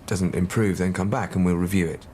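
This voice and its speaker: An actor playing a doctor who asks measured, probing questions of a patient in a television drama. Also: male voice, deep voice, fairly even intonation, a little mellow, slight background noise, close to an everyday voice. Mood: calm. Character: calm GP hearing out a patient.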